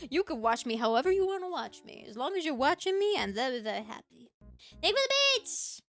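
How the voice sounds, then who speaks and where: A woman's voice: high voice, sing-song, brisk, faint music behind. An American woman with a Valley Girl accent, chatting casually on a live stream and giggling as she reads chat. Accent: Californian Valley Girl. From United States. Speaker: VTuber streamer.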